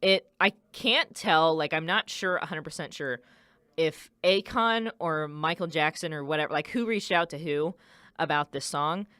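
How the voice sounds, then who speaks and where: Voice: medium pitch, moderate pace, pushed and bright, clean tone, dry recording, studio quality. A radio DJ chatting casually, rambling with many fillers and self-corrections. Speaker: radio DJ host.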